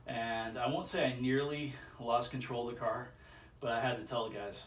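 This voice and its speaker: Chatting aimlessly through his workout, a vlogger mutters rep counts and chuckles at his own stories, a bit strained from the effort. His mid-range voice is steady, normal in speed, and a bit bright. He's heard from across an echoey indoor room with chairs, over a faint hum of ambient noise.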